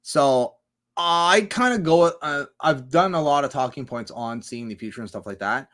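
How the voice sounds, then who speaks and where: A man's voice: medium pitch, animated, normal speed, fairly bright tone. A man hosting a casual livestream, reading out chat comments and riffing on them in a rambling, profane way.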